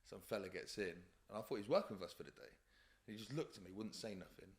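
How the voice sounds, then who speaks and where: A man's voice: on the low side, fast. A young man from England, telling work stories as a podcast guest in slangy, sweary casual chat. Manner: storytelling with quoted voices, slangy and sweary.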